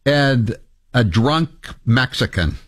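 A male talk radio host delivering animated, sarcastic commentary and taking calls. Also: mid-range voice, dry recording, studio quality. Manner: animated, sarcastic, quick to rant.

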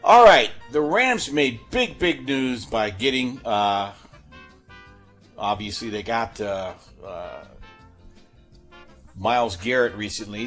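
A man hosting a sports talk show, running a guessing game with chatty, filler-heavy speech. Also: medium pitch. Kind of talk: casual sports radio chat.

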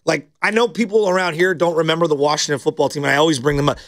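A man's voice: fairly high pitch, fairly even intonation, rapid-fire, a bit bright, dry recording. A man co-hosting a sports radio show, talking with eager opinions about football. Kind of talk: casual sports radio chat.

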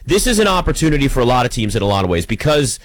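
A man's voice: medium pitch, sing-song, racing, no echo. A man hosting a sports radio show, talking casually and rambling, often restarting his sentences while he fights off allergies and an oncoming sneeze. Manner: rambling, chatty, self-interrupting.

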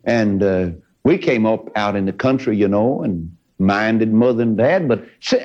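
A man's voice: fairly low pitch, a little slow, hardly any pauses, darkish tone. A man preaching a sermon in a fervent, folksy way, with sudden rises in his voice. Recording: dull lo-fi recording.

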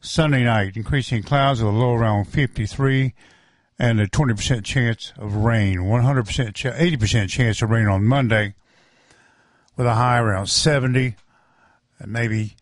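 A man reading the weather forecast on a radio show in a steady, measured way. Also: mid-range voice, no room sound.

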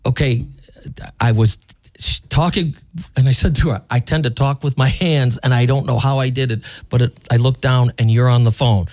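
A man's voice: moderate pace, no room sound. A man casually telling a story on a talk show, acting out voices in his retelling. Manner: animated storyteller, acts out voices with high-pitched quotes and laughs. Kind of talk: casual radio-style chat.

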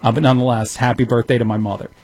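A man's voice: medium pitch, flat delivery, darkish tone, husky, dry recording. A man in his thirties hosting a radio talk show, giving opinionated commentary with a sarcastic edge and many fillers. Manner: sarcastic, rapid-fire delivery with frequent fillers.

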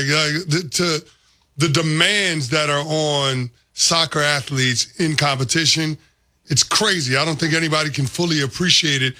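Bright-voiced guy on a sports panel, really emphatic, repeats for effect. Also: fairly high pitch. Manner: emphatic, building arguments with repetition. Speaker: sports talk show co-host. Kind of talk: sports talk show analysis.

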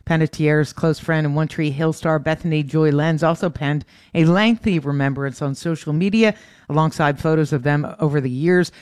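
A woman's voice: sits low, moderate pace, darkish tone, clear, resonant tone, no echo, clean studio sound. A woman news correspondent reading a report in a polished, formal delivery.

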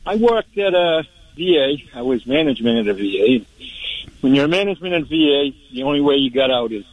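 A man's voice: medium pitch, animated, brisk, no echo, low-quality recording. Older male radio caller, aggrieved. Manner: aggrieved, emphatic complaining. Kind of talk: call-in radio chat.

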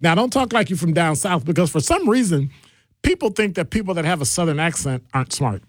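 A middle-aged man hosting a casual call-in radio show, talking in a digressive, animated way. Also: a little fast, dry recording, clean studio sound. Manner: animated, digressive, jumps between deep and high voices. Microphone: studio microphone.

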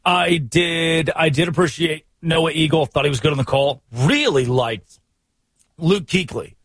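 An American man hosting a sports radio show, talking fast and emphatic with strings of rhetorical questions. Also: on the high side, fairly bright tone, husky, no room sound. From United States.

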